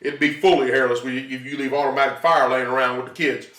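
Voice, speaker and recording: A man's voice: mid-range voice, quick pace, a little hiss or hum. A man doing stand-up comedy from his living room, telling stories with sound effects and asides to the audience. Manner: animated storytelling, sound effects, talks to audience. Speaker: stand-up comic. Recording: roomy echo, mic at a distance.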